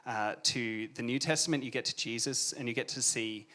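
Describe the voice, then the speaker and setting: Male panelist, mid-pitched, easygoing and thoughtful, slips in wry asides. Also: brisk, bright, forceful tone. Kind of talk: panel discussion.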